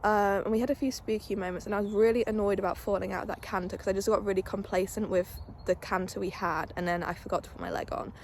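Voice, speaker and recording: A woman's voice: medium pitch, steady tone, fast, hardly any pauses, a little hiss or hum. Young woman vlogging at a stable. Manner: chatty, fond baby-talk to her horse. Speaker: equestrian vlogger. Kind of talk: casual vlog chat.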